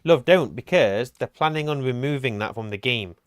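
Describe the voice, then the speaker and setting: A man's voice: medium pitch, moderate pace, smooth, dry recording, studio quality. A man chatting casually while playing a co-op game on stream, thinking aloud and joking with his partner. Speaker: gaming streamer. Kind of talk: casual co-op gameplay chat.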